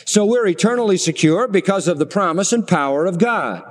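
A middle-aged man preaching a sermon, slowing down for emphasis and asking the congregation rhetorical questions. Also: high-pitched, lively intonation, big-room sound.

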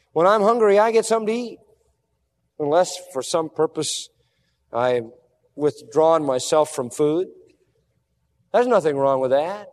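A man preaching a sermon, earnest and emphatic, dropping low and quiet to stress a point. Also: in a large hall.

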